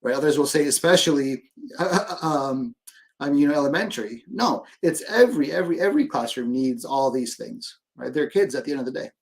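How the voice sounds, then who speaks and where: Brief: male educator guest, lively and conversational, mid-pitched voice, over a video call. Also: brisk. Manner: animated, peppers sentences with "right?". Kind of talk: casual interview talk.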